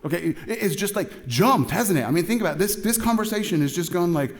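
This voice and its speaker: A middle-aged man preaching a sermon in a casual, chatty way, acting out both sides of a dialogue with lively shifts in voice. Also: high-pitched, fast. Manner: casual, chatty, with many fillers and asides. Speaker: pastor.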